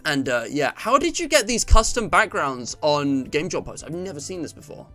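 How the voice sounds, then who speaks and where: A man's voice: on the high side, big pitch swings, moderate pace, sharp tone, faint music behind. A young man hosting a casual live stream, chatting in a loose, rambling way with guests. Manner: chatty, rambling, laughs often. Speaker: stream host.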